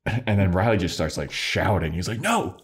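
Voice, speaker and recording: A man's voice: low-pitched, brisk, slightly rough. A man co-hosting a podcast, recapping an episode in loose, profane chat. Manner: casual, profane, lots of "like". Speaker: podcast co-host. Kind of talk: casual chat, recapping a show.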